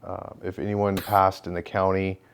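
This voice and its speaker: A man's voice: sits low, flat delivery, moderate pace, vocal fry, clear, resonant tone. A man who works as a sheriff's deputy, a guest on a podcast, speaking hesitantly with many "um"s. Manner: hesitant, many "um"s, quiet and reflective. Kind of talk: casual podcast conversation.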